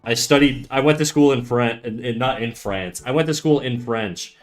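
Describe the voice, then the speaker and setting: A Canadian man who streams drawing lessons chats on a casual livestream in a medium-pitched voice at a moderate pace, with soft music in the background. He rambles, restarts and corrects his sentences, cracks jokes, and swears casually.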